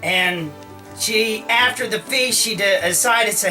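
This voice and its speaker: A man's voice: high voice, unhurried, bright, forceful tone, far from the mic, faint music behind, rough recording. Slangy man retelling a story. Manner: slangy, full of "like", acts out lines. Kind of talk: casual comic retelling.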